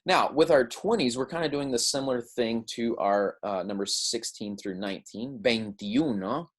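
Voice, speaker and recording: A man teaching a beginner language lesson, patiently explaining and often checking in with "right?" and "okay?". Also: medium pitch. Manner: says Spanish words slowly and clearly for the learner. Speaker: Spanish teacher.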